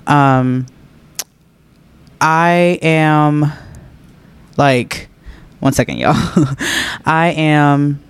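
A man's voice: fairly high pitch, extremely slow, pauses often, clear, resonant tone. Laid-back young man, chatty podcast host. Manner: laid-back and conversational, laughs often, heavy use of filler words. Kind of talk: casual podcast chat answering listener questions.

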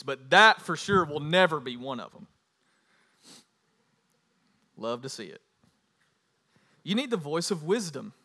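A man in his thirties preaching a sermon as pastor, animated and building to loud emphatic bursts. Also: fairly high pitch.

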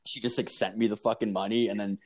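A man's voice: lowish voice, level tone, quick pace. A young man telling a long story in casual chat, rambling and swearing, full of "like" and "dude". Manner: rambling, profane, lots of "like" and "dude".

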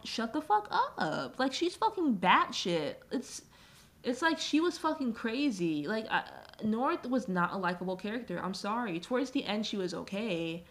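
Animated young woman ranting casually. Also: fairly low pitch. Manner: animated, swears freely, frequent "like" fillers. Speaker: podcast host. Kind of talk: casual ranting game review.

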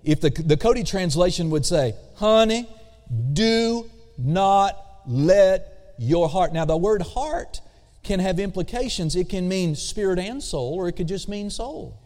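Preaching from the pulpit, this man has a high, animated voice with a touch of mellowness. His emphasis is slow and stretched, and he invites call-and-response. Long reverb from the church sanctuary fills the recording.

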